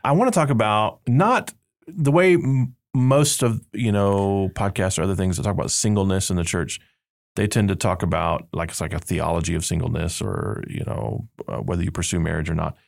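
A middle-aged man hosts a podcast with relaxed, dry humor. His voice sits low and carries a gravelly fry at the ends of phrases. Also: moderate pace, no echo. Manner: dry, joking banter. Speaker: podcast host, seminary professor. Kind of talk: casual chat.

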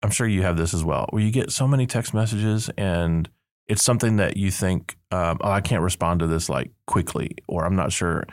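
A man's voice: sits low, brisk. A man hosting a podcast in casual banter, reading out listener reviews with playful emphasis and frequent laughs. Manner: jokey, laughs often, reads quotes with mock emphasis. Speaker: podcast host, seminary professor.

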